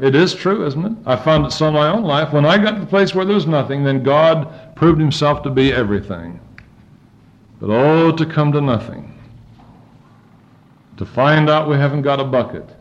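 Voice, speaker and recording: A man preaching a sermon, reading scripture aloud and swinging his pitch and volume up and down as he goes. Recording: dull lo-fi recording.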